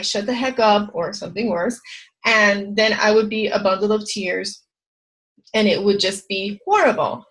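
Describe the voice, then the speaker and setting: Middle-aged woman coach, mid-pitched voice, confiding advice-to-camera delivery. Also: poor audio. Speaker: relationship coach. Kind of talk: direct-to-camera advice talk.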